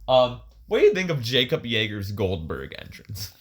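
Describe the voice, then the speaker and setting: A young man co-hosting a podcast, telling a story in casual, profane, animated chat with frequent laughs. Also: medium pitch, normal speed. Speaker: podcast co-host. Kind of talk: casual chat, retelling a match.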